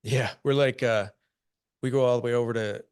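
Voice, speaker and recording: A man's voice: medium pitch, fairly even intonation, a little fast, darkish tone, smooth, no echo, clean studio sound. An American man in his fifties, a podcast guest telling war stories in a casual, laughing way. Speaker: podcast guest, army veteran. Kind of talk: casual storytelling.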